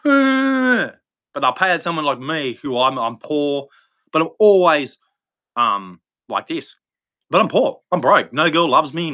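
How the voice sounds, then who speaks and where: A man hosting a livestream, delivering a rambling, impassioned religious monologue with sudden jumps in pitch. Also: sharp tone. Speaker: livestream host.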